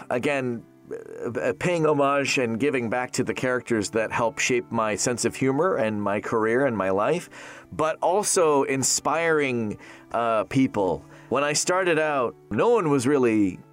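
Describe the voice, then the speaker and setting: A man in his thirties who works as a voice actor, chatting casually in an interview, animated and jokey, laughing often. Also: mid-range voice, unhurried, soft background music.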